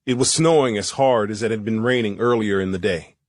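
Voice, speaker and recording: A man's voice: lowish voice, brisk, no echo, clean studio sound. Man narrating a thriller audiobook. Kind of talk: first-person thriller narration.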